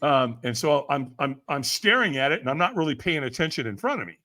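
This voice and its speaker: With faint music behind him, a man with a fairly high voice talks at a quick clip. He's a firewalk trainer appearing as a podcast guest, and he spins a lively, informal story, voicing the people he quotes and laughing frequently.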